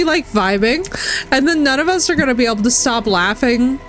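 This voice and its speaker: A woman's voice: high-pitched, expressive, normal speed, a little hiss or hum. A woman streaming a game, chatting casually and animatedly with friends and laughing often. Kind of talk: casual gaming stream chat.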